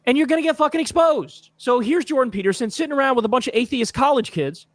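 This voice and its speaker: A man's voice: very high voice, expressive, fast, no room sound, studio quality. A man hosting a reaction video, in mocking, profane casual commentary, laughing often.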